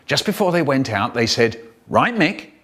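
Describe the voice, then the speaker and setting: An older British man telling comic childhood stories in an animated way, switching to high voices for the children and to a low drone for his brother. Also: moderate pace. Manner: low droning chant for the brother. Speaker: storyteller. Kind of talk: comic storytelling, remixed.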